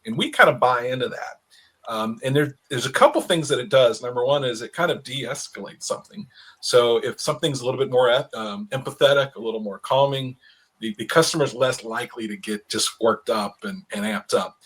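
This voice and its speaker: A man with a husky, slightly breathy voice at an ordinary pitch, talking casually as a panel expert. He is chatty and self-deprecating, and he often stumbles, restarts and repeats words as he thinks aloud. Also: brisk, a bit bright.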